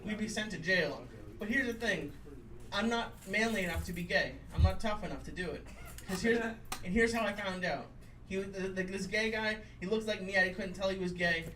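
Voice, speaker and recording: Pitched high and delivered a little fast, this young man's bright, forceful voice carries a self-deprecating stand-up bit packed with fillers and rambling. Laughter from the live crowd fills the noisy, echoing venue, and the mic sits far from him.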